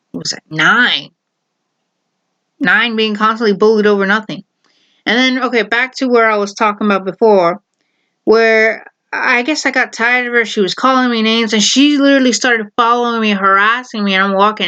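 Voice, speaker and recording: A woman's voice: mid-range voice, clear, resonant tone, muffled recording. A young adult woman vlogging, telling a personal story in a casual, blunt way and acting out the other people's voices. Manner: animated, acts out quoted voices, blunt.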